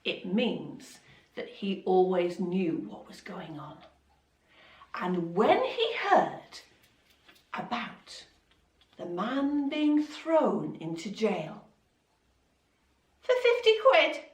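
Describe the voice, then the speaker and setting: A woman telling a Bible story to children in an expressive, dramatic way. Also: medium pitch, drawn-out words, long pauses. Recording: echoey room, voice from a distance.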